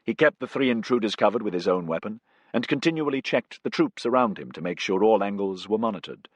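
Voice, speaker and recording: A man reading a science fiction audiobook as narrator, in a measured storytelling manner. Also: lowish voice, animated, husky, no room sound. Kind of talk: scripted narration.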